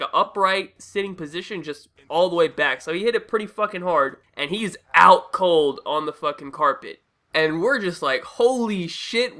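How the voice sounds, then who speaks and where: A young man casually telling a story from school to his viewers, swearing often and acting out what people said. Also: on the high side. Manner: animated, profane, acts out quotes.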